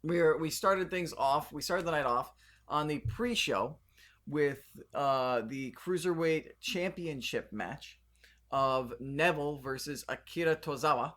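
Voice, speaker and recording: A man's voice: a little high, measured pace, fairly bright tone. A man hosting a casual podcast. He sounds upbeat and jokey, with many fillers and restarts. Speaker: podcast host.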